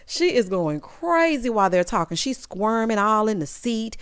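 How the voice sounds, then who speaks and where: A woman's voice: fairly high pitch, normal speed, few pauses, clear, resonant tone. Sassy lady recapping reality tv, voice jumps all over, acts out the cast lines. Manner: sassy, animated, quotes cast members in mock voices. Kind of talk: casual recap commentary.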